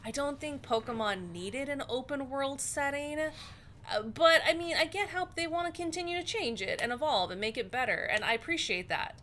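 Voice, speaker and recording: A woman's voice: sits high, expressive, moderate pace, pushed and bright. A woman co-hosting a casual livestream, reading chat comments aloud in a bubbly, rambling way with lots of fillers and giggles.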